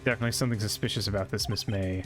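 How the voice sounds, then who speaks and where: A man's voice: lowish voice, steady tone, rapid-fire, over music. A man streaming a game, reading dialogue aloud and joking casually, swearing now and then.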